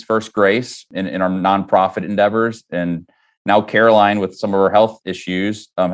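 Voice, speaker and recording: A man with a very low voice shares a personal story as a podcast guest. He is middle-aged and speaks earnestly, with halting restarts and many "you know"s. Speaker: guest, company founder.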